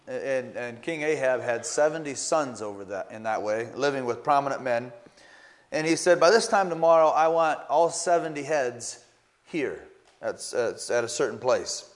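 A man preaching a morning sermon, reading old-fashioned scripture and retelling it in an earnest, halting way with many restarts. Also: mid-range voice. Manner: earnest, halting delivery with frequent restarts and repeated words.

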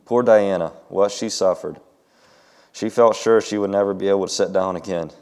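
A man's voice: low-pitched, steady tone, normal speed, darkish tone. A man reading a story aloud to a group, then talking informally and hesitantly about Bible stories, with many ums and restarts.

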